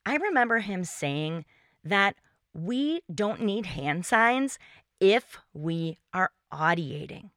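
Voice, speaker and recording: A woman hosting a solo podcast, explaining music teaching ideas in a clear, measured way. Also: on the low side, bright, forceful tone, dry recording, clean studio sound. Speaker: podcast host.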